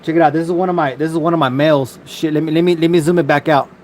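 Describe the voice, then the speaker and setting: A man's voice: on the high side, steady tone, very fast, darkish tone, slight background noise. Laid-back slangy man on a live stream. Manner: loose, rambling, casual slang and cursing. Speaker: livestream host. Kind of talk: casual live-stream chat.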